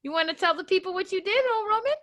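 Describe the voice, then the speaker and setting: A woman with a high, very bright voice talks in an easy chat between friends. She gets animated, swears often and rants loudly when she is worked up. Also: racing. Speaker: podcast co-host. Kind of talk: casual chat.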